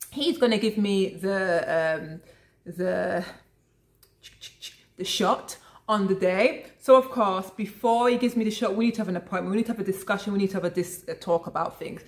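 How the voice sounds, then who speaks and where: Chatty woman vlogger talking to camera. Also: mid-range voice. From lives abroad in Italy. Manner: chatty, addresses viewers as guys, frequent restarts. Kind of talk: casual vlog chat to camera.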